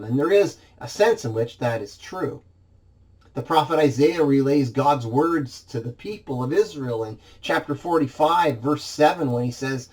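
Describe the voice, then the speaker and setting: A man's voice: medium pitch, a little mellow. A man preaching a sermon in church, reading scripture expressively and dramatizing the quoted lines.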